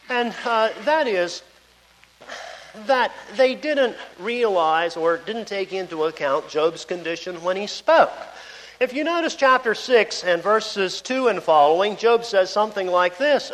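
Male preacher, conversational sermon with anecdotes, high pitch, big-hall reverb. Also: a bit bright, a little hiss or hum. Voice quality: conversational, digressive, storytelling.

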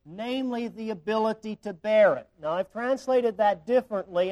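A man's voice: sits high, a little mellow, rough recording. A man preaching a sermon, explaining a Bible text with emphatic, repeated phrasing.

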